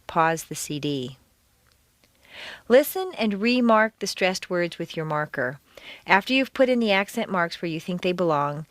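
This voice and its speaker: A woman reading a scripted audio lesson as a pronunciation coach, giving clear, deliberate instructions and stressing words strongly to show intonation. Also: mid-range voice, no room sound. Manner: clear, deliberate teaching delivery with exaggerated stress. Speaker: accent coach.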